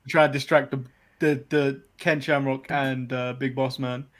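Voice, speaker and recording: A man's voice: mid-range voice, flat delivery, measured pace, a bit bright. A man from the UK hosting a podcast, recapping events casually and laughing often. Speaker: podcast host.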